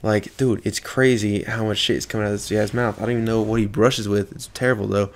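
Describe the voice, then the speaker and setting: A man's voice: on the low side, fairly even intonation, fast, creaky. A young man telling a story from an online game in a casual, profane vlog. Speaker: gaming video creator.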